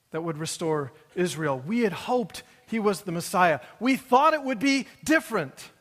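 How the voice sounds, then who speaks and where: Guy with a high voice giving a sermon, chatty and wry, long echo on it. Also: a bit bright. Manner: conversational, wry storytelling, acts out quoted lines. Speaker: pastor.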